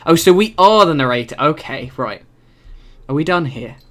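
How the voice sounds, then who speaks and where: A man's voice: on the high side, animated, moderate pace, fairly bright tone. A man casually commentating a video game as he plays it, rambling and self-mocking. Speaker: let's play host.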